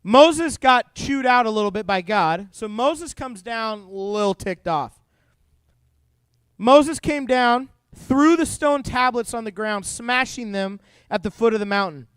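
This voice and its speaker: A young man leads a youth group through a Bible story, joking and acting out the characters as he goes. His voice sits high and comes across smooth and clear. The sound is dry and close, with no room echo. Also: unhurried. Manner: animated storytelling with jokes and quoted voices. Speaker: youth pastor.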